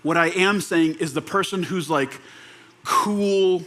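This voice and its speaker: A young man preaching a conversational sermon, animated and relaxed, slipping into quoted voices and laughing now and then. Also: sits high, takes it slowly. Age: young adult. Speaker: pastor.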